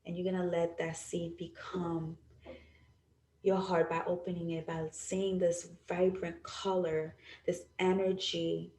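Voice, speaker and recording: A young woman hosting a podcast, her voice sitting low as she talks in a slow, soothing way. She stretches out her phrases like someone leading a guided visualization, and the sound carries a roomy echo. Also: level tone, darkish tone. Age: young adult. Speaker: podcast host. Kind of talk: guided visualization and reflective talk.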